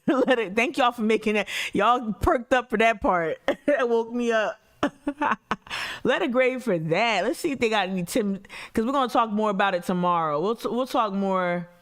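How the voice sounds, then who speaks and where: A woman's voice: fairly high pitch, normal speed. A woman hosting a livestream, giving casual commentary full of blunt, profane asides and frequent laughter. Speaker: livestream host.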